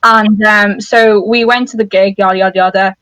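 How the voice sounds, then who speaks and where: A woman's voice: mid-range voice, fairly even intonation, moderate pace, fairly bright tone, no echo, low-quality recording. Chatty young woman co-host. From Merseyside, England. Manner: chatty, easily amused, many short backchannels. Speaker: podcast co-host. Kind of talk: casual chat.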